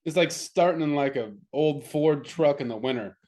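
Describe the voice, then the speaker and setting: A man's voice: on the high side, moderate pace, a little mellow. A man co-hosting a podcast, chatting in an easygoing way, laughing and swearing casually. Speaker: podcast co-host. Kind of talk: casual chat.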